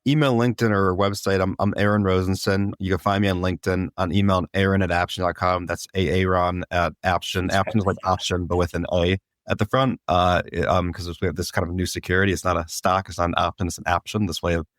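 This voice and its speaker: Fast-talking man with a deep voice. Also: little pitch movement, no room sound, studio quality. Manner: quick, eager, slightly halting. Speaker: startup co-founder, podcast guest. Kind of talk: casual podcast conversation.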